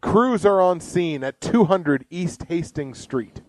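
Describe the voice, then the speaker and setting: A man co-hosting a podcast, chatting casually and reading out police scanner posts slowly, laughing often. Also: fairly high pitch, animated, no echo. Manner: laughs often, reads items slowly and deliberately. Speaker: podcast co-host.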